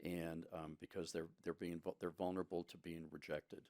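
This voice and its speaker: A man co-hosting a casual podcast conversation, speaking in a measured, reflective way with many restarts. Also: deep voice, flat delivery, a little mellow, no echo, studio quality. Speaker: podcast co-host.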